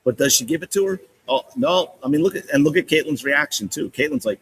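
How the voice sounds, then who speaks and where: A man hosting a sports podcast, breaking down game film with animated, exasperated commentary and repeating points for emphasis. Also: fairly high pitch, fast, few pauses, husky, rough recording.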